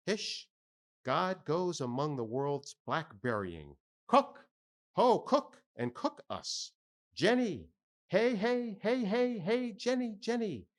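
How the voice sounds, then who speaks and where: A man voicing a crazed young cabin boy who chants in a wildly swinging, high singsong.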